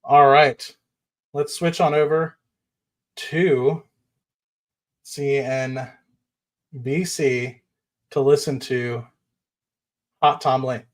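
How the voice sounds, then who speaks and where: A man's voice: medium pitch, fairly even intonation, drawn-out words, long pauses. A man hosting a casual investing livestream, rambling with many fillers and restarts, fired up and standing while he talks. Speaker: livestream host.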